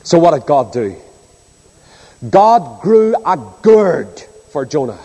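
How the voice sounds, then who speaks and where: A man delivers a sermon with an animated, up-and-down voice that sits a little high for a man. He often turns rhetorical questions on his listeners. His words ring out with a long reverb, as in a big church hall. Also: slow pace, gravelly. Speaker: preacher.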